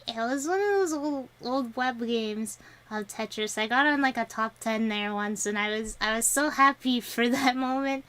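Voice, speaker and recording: Giggly young woman chatting on stream, voice a little high, keeps restarting sentences. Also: fairly bright tone, smooth. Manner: giggly, rambling, many restarts and fillers. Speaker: vtuber streamer. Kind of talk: casual chat with viewers.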